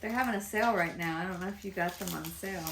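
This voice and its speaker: A chatty, excitable woman in her fifties, vlogging casually to camera about beauty at home and laughing often. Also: lowish voice, fast talker, gravelly, noisy background. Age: 50s.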